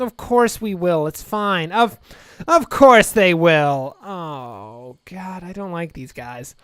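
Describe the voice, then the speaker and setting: A game streamer talks through a story game, reading the lines aloud and cutting in with dry, sarcastic remarks. The voice is smooth and resonant, recorded dry and close to the mic, at an average pitch. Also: fairly bright tone, no room sound. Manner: sarcastic, wry asides. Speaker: video game let's-play host. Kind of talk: casual game commentary, reading dialogue aloud.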